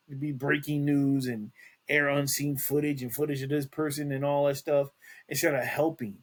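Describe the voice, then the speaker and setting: Rambling man hosting celebrity news. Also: a little high. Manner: rambling, many restarts and fillers, talks to listeners directly. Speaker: podcast host. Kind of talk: casual commentary on celebrity news.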